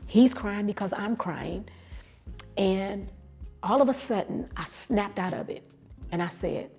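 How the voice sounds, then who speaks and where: A middle-aged woman, a guest telling her own story, speaks with a medium-pitched voice that's creaky, a little mellow, and slightly rough, with faint music behind her. She's emotional, acting out the dialogue and tossing in quick asides.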